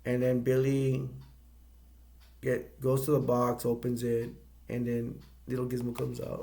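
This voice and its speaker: A middle-aged man giving a casual, rambling movie review, halting often and restarting his sentences. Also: mid-range voice, monotone, gravelly, dark tone.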